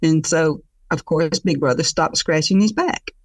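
Woman telling an old story out loud, expressive, laughs along, mic kinda far, dry sound. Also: sits low, measured pace, no echo. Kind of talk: traditional oral storytelling.

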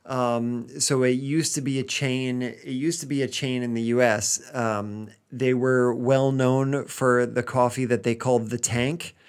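A man's voice: mid-range voice, little pitch movement, a little slow, few pauses, smooth. Hesitant man chatting casually. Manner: hesitant, many ums and restarts. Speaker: podcast co-host. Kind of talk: casual chat.

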